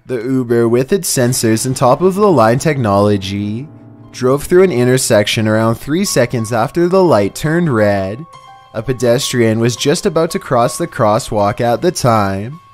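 A man reading a scripted narration for a countdown video in an even, measured way. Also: medium pitch, soft background music.

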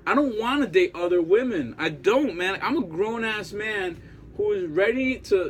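A man in his thirties with a noticeably high voice pleads in a long rambling monologue. He circles back on himself with constant fillers and casual, profane slang, like a jilted ex talking straight to the camera. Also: lively intonation, normal speed. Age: 30s. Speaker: jilted ex-boyfriend.

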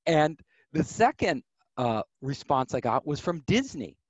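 Middle-aged guy telling career stories, kinda high voice, jumps all over, does little voices for people. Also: a little slow, no echo, lo-fi sound. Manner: animated, acts out quoted voices. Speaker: podcast guest. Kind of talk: storytelling interview.

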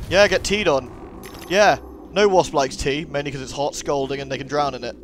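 A man's voice: on the high side, fairly even intonation, normal speed, slight background noise. A man casually commentating his gameplay, chatty and rambling with jokey asides. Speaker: let's play host. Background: game music.

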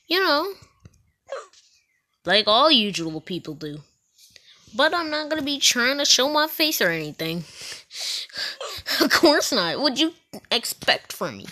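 A woman's voice: mid-range voice, expressive, a little slow, long pauses, sharp tone. A woman hosting a gaming channel, giving casual gameplay commentary in a playful, giggly way with silly outbursts.

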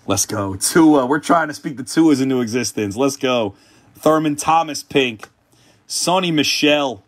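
A man hosting a trading card break livestream, calling out player names in casual commentary and getting excitable, even shouting, over big pulls, tired and hungry late in a long stream. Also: lowish voice.

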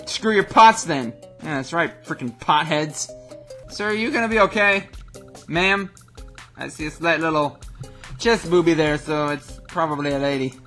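A young man doing goofy, excitable let's play commentary as a gaming YouTuber, often breaking into shouts. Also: sits high.

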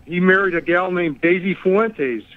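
A man's voice: high voice, moderate pace, no echo. A man calling in to a talk radio show, friendly and playfully needling the host. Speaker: caller. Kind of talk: casual phone-in chat. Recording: tinny phone line.

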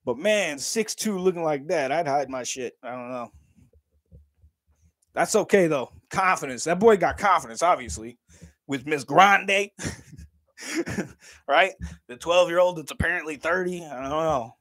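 A man's voice: fairly high pitch, lively intonation, a little slow, pauses often, a bit bright, no room sound, clean studio sound. A man in his thirties chatting casually on a livestream, laughing often, swearing freely and talking straight to his viewers. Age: 30s.

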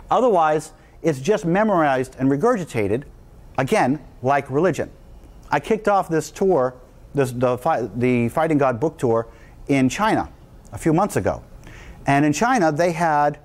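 A man's voice: fairly high pitch, a little mellow. A man giving a speech to an audience, emphatic and rousing. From United States. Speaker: speaker.

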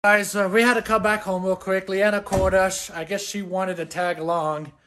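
A man's voice: high voice, level tone, moderate pace. A man casually narrating family errands to the camera for a vlog, speaking in an easygoing, offhand way. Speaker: parent vlogging family errands. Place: inside a moving car. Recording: noisy car interior.

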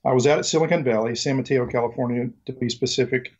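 Man, Southern accent, middle-aged, rambling, jokey, fillers, mid pitch, a bit muffled. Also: quick pace. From Mississippi, US. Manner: rambling, lots of ums and restarts, jokey. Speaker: guest. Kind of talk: casual interview storytelling.

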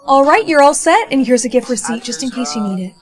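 Woman playing a bright helpful saleswoman. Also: high-pitched, animated, quick pace. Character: kind helpful young saleswoman. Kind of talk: TikTok POV skit acting.

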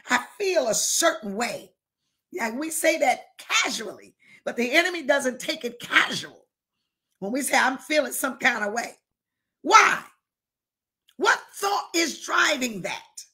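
A woman's voice: sits high, sharp tone. A woman bishop preaching a fervent sermon, firing rhetorical questions and calling out to listeners, sometimes dropping to a whisper.

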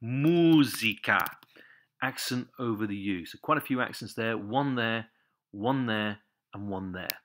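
A man's voice: on the low side, moderate pace, a bit bright, slight background noise. A man giving a patient Spanish lesson, repeating each word and pointing out the accents again and again. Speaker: Spanish teacher. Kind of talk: step-by-step language lesson.

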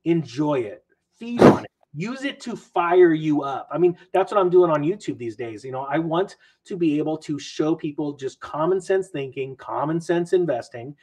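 A man who is a finance video maker, chatting casually as a podcast guest with animated, self-mocking storytelling. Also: on the high side, moderate pace, husky, low-quality recording.

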